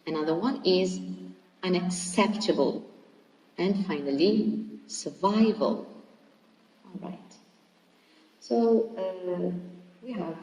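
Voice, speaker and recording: A woman's voice: fairly low pitch, warm tone. Echoey Algerian woman teaching English. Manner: explanatory, repeats "okay?" to check understanding. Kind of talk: recorded classroom lesson. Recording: echoey hall, voice from far off.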